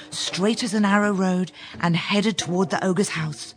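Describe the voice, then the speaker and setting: A woman narrating a children's fairy tale in an expressive storytelling manner. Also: medium pitch, a little slow, hardly any pauses.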